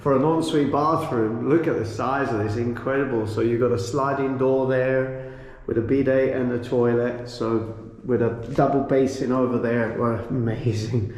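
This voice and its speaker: A man's voice: mid-range voice, steady tone, normal speed, a little mellow. A man hosting a vlog, enthusiastically walking viewers through properties and building work and explaining as he goes. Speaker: property consultant vlogger.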